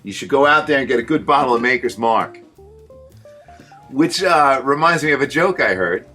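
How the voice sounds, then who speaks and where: A man hosting a casual show, telling comic stories in an animated way and laughing at his own jokes. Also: medium pitch, moderate pace, faint music behind. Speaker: show host. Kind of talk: casual comedic storytelling.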